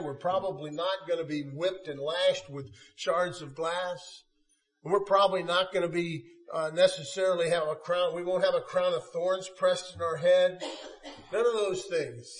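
Male preacher, high husky voice, earnest and halting delivery, sermon read. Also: a bit bright.

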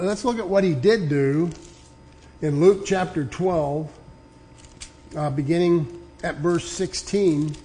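A man preaching a sermon, earnestly explaining scripture and reading passages aloud with slow emphasis. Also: on the high side, warm tone.

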